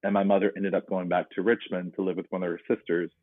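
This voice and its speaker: Husky low-voiced man on a phone-like line. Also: little pitch movement, fast talker, dry recording. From North Carolina, US. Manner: earnest, reflective, retells scenes. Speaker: podcast guest. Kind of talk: personal storytelling in conversation. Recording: dry, narrow phone-like line.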